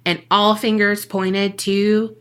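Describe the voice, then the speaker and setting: A woman with a medium-pitched voice speaks slowly while co-hosting a podcast. Her story is told casually and with animation, peppered with swearing, slang, and acted-out quotes.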